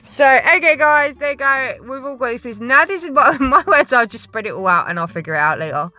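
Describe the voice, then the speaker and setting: A woman's voice: high-pitched, animated, fairly quick, sharp tone, soft background music. Rambling, chatty woman vlogger. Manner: rambling, chatty, keeps apologising. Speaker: puzzle vlogger. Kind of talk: casual chat to camera.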